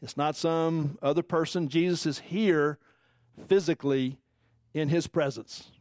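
A man's voice: on the high side, measured pace, no room sound, studio quality. Chatty preacher man teaching from scripture. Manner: conversational, animated, asks the audience questions. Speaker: pastor. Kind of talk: casual Bible-teaching sermon.

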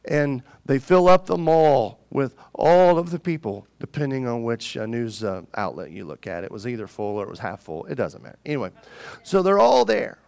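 A man preaching a sermon, dramatic, swinging from loud excitement to hushed intensity. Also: medium pitch, normal speed, gravelly, clear, resonant tone. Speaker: pastor.

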